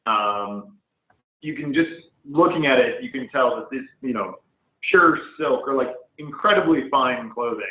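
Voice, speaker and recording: A man's voice: medium pitch, expressive, a little slow. A man running a tabletop game as game master, describing scenes in a hesitant way full of ums, over an online voice call. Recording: phone-like online call audio, echoey room.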